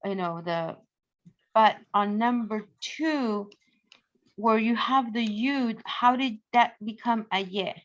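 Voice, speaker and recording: A woman's voice: fairly high pitch, slow pace. Female student, inquisitive, careful questions, dull lo-fi recording. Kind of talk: asking questions in class. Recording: dull lo-fi sound.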